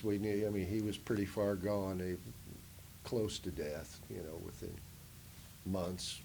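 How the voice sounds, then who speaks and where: A man, a band member, telling stories in a casual oral history interview in a museum, animated at times and dropping soft on sad parts. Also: on the low side, slow pace, pauses often, slight background noise. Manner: animated, acts out quotes in a raised voice.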